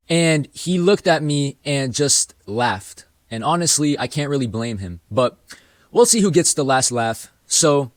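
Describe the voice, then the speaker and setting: A young man tells a story in a relaxed, self-mocking way and swears freely. His voice sits a little high for a man and bounces around a lot as he talks. The sound is dry and close. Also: dry recording. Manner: laid-back, self-mocking, profane. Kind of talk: casual storytime narration.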